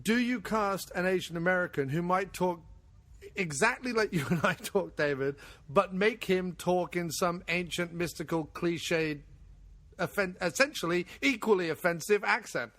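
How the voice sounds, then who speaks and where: Opinionated man with a higher voice. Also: moderate pace. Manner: opinionated, animated, swears freely. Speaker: podcast co-host. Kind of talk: casual podcast discussion.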